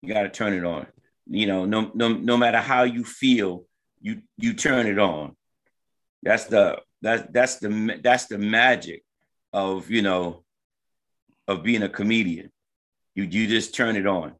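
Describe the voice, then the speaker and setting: A man's voice: fairly low pitch, measured pace, fairly bright tone. Laid-back joking man, comedian co-host. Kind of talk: casual radio show chat.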